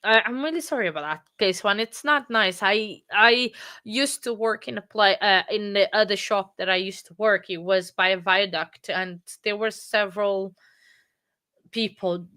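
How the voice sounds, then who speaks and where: A woman hosting a true crime livestream, talking casually with many pauses, fillers and restarts. She moved to England from abroad. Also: medium pitch, pushed and bright. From from outside England.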